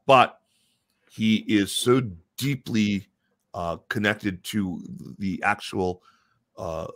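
A man with a fairly low voice speaks as an interview guest, laying out his points in a measured, explanatory way. He pauses and restarts now and then while thinking aloud. The sound is dry and close, with no room around it. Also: fairly bright tone, no echo. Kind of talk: casual conversational interview.

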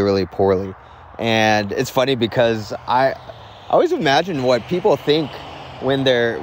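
A man talks casually as a podcast host, rambling through a story with restarts and self-deprecating asides. His voice sits at an ordinary middle pitch. Faint traffic passes in the background outdoors. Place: outdoors near a road. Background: faint passing traffic.

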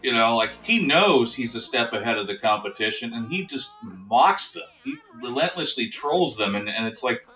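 A man's voice: mid-range voice, expressive, moderate pace, hardly any pauses, sharp tone, recorded from a distance, faint music behind, poor audio. A man co-hosting a casual cartoon review chat from his computer, talking with enthusiasm and laughing easily. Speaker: co-host of a cartoon review show. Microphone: computer mic on a call.

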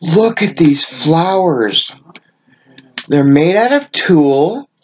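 A low-voiced woman unwraps a package of crafting gifts on camera, her voice swooping up and down as she gasps and gushes. She speaks slowly and lingers over each treasure with effusive thanks. There is a faint hiss behind her. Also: animated. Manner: effusive and gushing, with frequent gasps and exclamations. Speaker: card-making channel host. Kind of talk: casual unboxing of mailed gifts.

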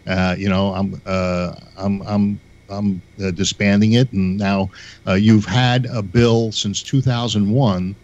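Wry, low-voiced male caller. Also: steady tone, slow, a little mellow. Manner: opinionated and wry, chuckles. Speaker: radio caller. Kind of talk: phone-in chat. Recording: dull, lo-fi phone line.

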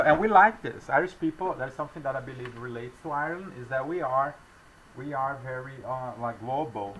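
A man from Argentina, a traveling salesman, telling stories in a casual interview with halting, rambling speech full of restarts. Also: medium pitch, fairly bright tone, slight background noise. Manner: acts out quoted voices.

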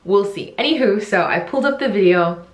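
A young woman rambles excitedly through a casual reaction vlog. Her voice sits in a middle register and carries the echo of a roomy space. She talks like a teacher chatting to her followers, with quick asides. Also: medium pitch. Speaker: English teacher and vlogger. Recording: roomy, echoey room.

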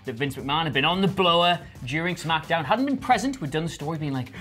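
A man with a slightly high voice hosts wrestling news in a chatty, joking way, often laughing. Faint music plays underneath. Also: animated, quick pace, few pauses, fairly bright tone. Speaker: news show co-host. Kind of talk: casual chat.

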